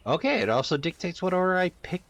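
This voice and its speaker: A man's voice: high voice, big pitch swings, fast talker, no echo. A man giving wry, casual commentary over a horror game, chatty and suspicious, swearing now and then. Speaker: let's-play host.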